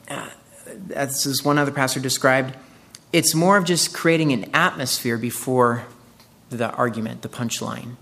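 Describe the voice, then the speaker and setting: A pastor with a voice on the high side and a bit bright preaches earnestly, working through a scripture passage. He builds up into emphatic quoted voices.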